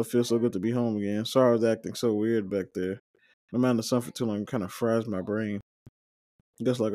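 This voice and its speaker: A man hosting a watch-along, recapping scenes and reading out the characters' lines with quick joking asides. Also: fairly low pitch, dark tone, no room sound, studio quality. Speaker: watch-along podcast host. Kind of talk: casual recap, reading dialogue aloud.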